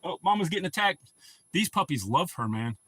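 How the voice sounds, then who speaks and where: A man's voice: on the high side, big pitch swings, a little fast, sharp tone, slightly rough, no echo. A man hosting a casual livestream, telling rambling, profane stories and laughing at his own jokes. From North Carolina. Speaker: livestream host.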